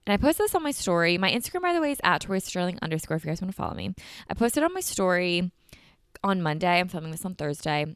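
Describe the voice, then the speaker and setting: A young woman chats on her own podcast in a bubbly, gushing way, full of "like". Her voice sits a bit low, smooth and clean, a touch congested from allergies. The close mic sounds dry, with no room around it. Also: sing-song, quick pace, no echo. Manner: bubbly, gushing, heavy use of "like". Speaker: podcast host. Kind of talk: casual solo podcast chat.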